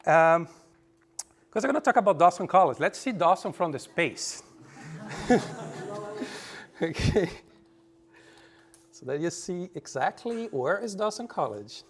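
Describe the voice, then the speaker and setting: A man from Brazil, giving a relaxed, joking conference presentation. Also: high-pitched, unhurried, pauses often, husky. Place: conference room.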